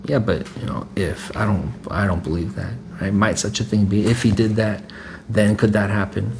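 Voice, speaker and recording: A man with a low, gravelly voice delivers a loose, conversational sermon. He alternates between reading scripture and plain talk, and keeps asking "right?" as he repeats himself for emphasis. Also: steady tone, moderate pace, background noise. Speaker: preacher.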